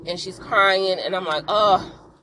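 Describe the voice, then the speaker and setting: A woman's voice: medium pitch, measured pace, fairly bright tone, slight background noise, low-quality recording. Chatty woman recapping a show. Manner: chatty, talks straight to listeners, sassy asides. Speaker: podcast host. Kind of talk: casual TV episode recap.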